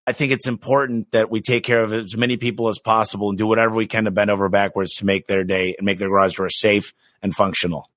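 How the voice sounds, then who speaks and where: A man's voice: on the low side, fast, hardly any pauses, no echo. A man, a business owner, telling stories with energy and enthusiasm as a podcast guest. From United States. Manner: energetic, enthusiastic, animated storyteller. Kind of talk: storytelling in a podcast interview.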